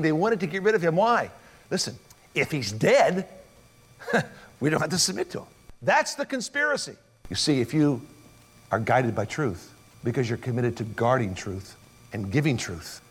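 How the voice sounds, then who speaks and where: A man preaching a sermon and retelling a story with lively, dramatic delivery. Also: medium pitch, husky. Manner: dramatic storytelling that acts out voices.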